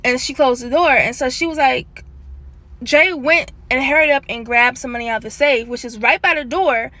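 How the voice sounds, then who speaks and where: A woman's voice: high-pitched, moderate pace, no echo. A woman, casually telling a personal story into a handheld phone and chatting to viewers. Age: late 20s. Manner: chatty, animated, addresses viewers as y'all.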